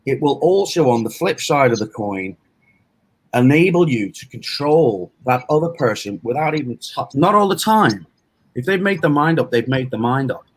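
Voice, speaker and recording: In a low-quality recording, a middle-aged Englishman with a medium-pitched, breathy voice talks casually in an interview. He's a self-defense instructor, and he rambles through stories with plenty of restarts and fillers.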